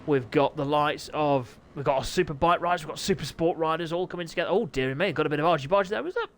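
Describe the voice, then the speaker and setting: A man hosting a sim-racing league stream, commentating and chatting with his riders in a jokey, excitable way that breaks into yelps and laughter. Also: on the high side, fast talker, a little hiss or hum. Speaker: race league host and streamer. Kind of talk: live race commentary and chat.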